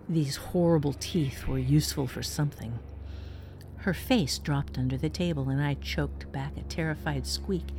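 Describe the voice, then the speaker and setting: A woman reading a short story aloud in first person, tense with hushed passages. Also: sits low. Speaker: narrator. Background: faint background music.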